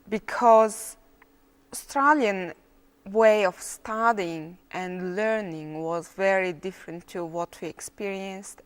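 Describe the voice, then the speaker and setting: A woman veterinarian from Mongolia with a Mongolian accent, answering interview questions in careful, halting English learned as a second language. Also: on the low side.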